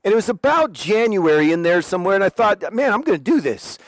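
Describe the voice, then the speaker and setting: Young man, personal testimony, animated and self-mocking, higher pitch, dry recording. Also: fast, no echo. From Oregon, USA. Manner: lively, self-deprecating, acts out quotes. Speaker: speaker sharing his faith testimony.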